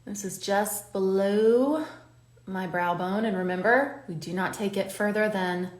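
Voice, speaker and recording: Woman host, encouraging makeup-tutorial chatter, middle pitch, roomy echo on the recording. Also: unhurried. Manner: chatty and encouraging, coaching the viewer. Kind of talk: talking while doing her makeup on camera.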